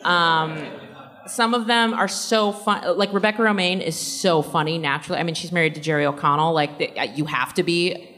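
Soft music plays behind a woman with a fairly low, fairly bright voice who speaks at a moderate, steady pace. She's an actor on a convention panel, chatting with fans, laughing a lot and filling gaps with fillers, her words echoing in the big hall's long reverb.

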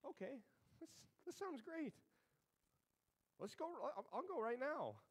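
A man doing a squeaky falsely eager Jonah. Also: sing-song, slow pace, full character voice. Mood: mock eager. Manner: mock-cheerful, sarcastic. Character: jokey eager Jonah, adult man, feigning delight.

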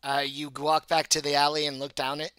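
A man narrating as game master of a tabletop game, halting and full of restarts. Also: on the high side, monotone, pushed and bright, clean tone, no echo. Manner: halting, many fillers and restarts.

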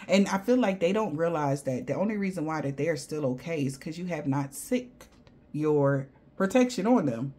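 A woman with a somewhat low voice reads tarot cards for her viewers in a loose, slangy way. She is blunt and swears freely. Her talk is lively and full of asides. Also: normal speed. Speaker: tarot card reader. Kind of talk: casual spiritual tarot reading to viewers.

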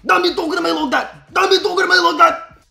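Brief: male actor as a boastful, short-fused Aussie gamer, mid-twenties, high-pitched. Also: lively intonation, roomy sound, music in the background. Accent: Australian. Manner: boastful, quick to yell. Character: hot-tempered 25-year-old male gamer.

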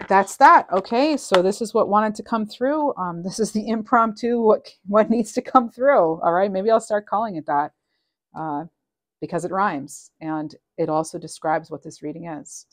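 A woman giving a casual, channeled tarot reading, chatty and meandering with frequent ums, reading card messages aloud. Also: fairly low pitch. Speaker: tarot reader.

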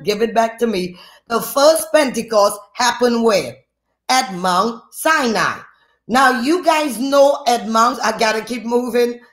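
A man's voice: very high voice, a bit bright. A man preaching a sermon, working the crowd with call-and-response and repeated phrases. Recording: echoey room.

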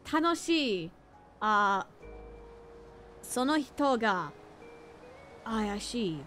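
A woman with a fairly high voice chats her way through a game stream, playful and jokey, laughing often at her own remarks. Soft game music sits faintly behind her. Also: animated, takes it slowly, pauses often. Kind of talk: casual game-stream commentary.

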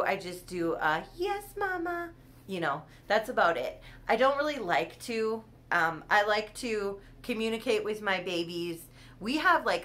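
A woman hosting her own casual vlog, talking in a loose, rambling way with frequent giggles. Her voice is bright and forward, pitched in a middle range. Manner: chatty and rambling, giggles often. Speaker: doll collector hosting her channel.

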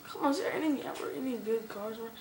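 A young woman giving casual gameplay commentary, excitable and quick to swear and yell at the game. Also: on the high side, a little hiss or hum. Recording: echoey room, far from the mic, music behind.

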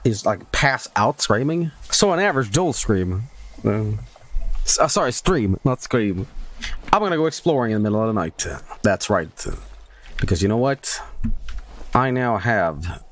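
Jokey swearing streamer with yelps. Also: male voice, fairly low pitch, animated, a little slow, fairly bright tone. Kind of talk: gaming stream commentary.

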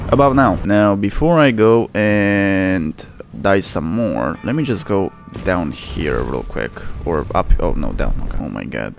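A man's voice: mid-range voice, a little hiss or hum. A man commenting on his own gameplay, sarcastic and laughing often as he talks to the enemies. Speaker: gaming channel host.

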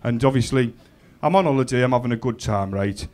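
A man's voice: mid-range voice, brisk, a little mellow. A young man from Middlesbrough with a Teesside accent, doing a rowdy, sweary stand-up set that keeps checking in with the crowd. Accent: Teesside English. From Middlesbrough, England. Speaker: stand-up comedian. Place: comedy club stage.

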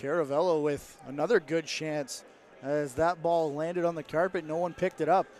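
Male play-by-play caller, fast and lively, a touch higher than most men. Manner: rapid play-by-play, rising with the action. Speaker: play-by-play commentator. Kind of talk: sports commentary.

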